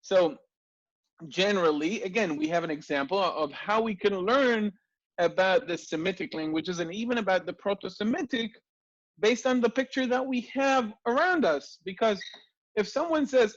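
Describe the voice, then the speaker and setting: High-pitched guy teaching a class, lively, asks lots of questions, kinda muffled sound. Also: moderate pace, dry recording. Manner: lively, asks rhetorical questions, frequent restarts. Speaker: language lecturer. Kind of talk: online class lecture.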